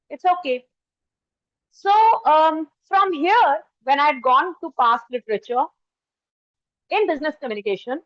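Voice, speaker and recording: A woman's voice: high voice, no echo. A woman with an Indian English accent giving a workshop lecture to faculty, talking conversationally and telling anecdotes with some Hindi mixed in. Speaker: workshop resource person. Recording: dull lo-fi dry sound.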